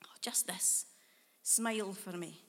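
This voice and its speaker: Brief: gruff, lonely old man, menacing undertone, read by a woman, long reverb. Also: medium pitch, slow.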